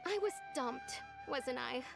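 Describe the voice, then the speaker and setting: A woman's voice: high voice, lively intonation, slow pace, gravelly, no echo, soft background music, heavily acted. A wistful, heartbroken young woman. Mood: resigned. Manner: wistful, softly resigned. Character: heartbroken young woman putting on a brave face. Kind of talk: video game voice acting.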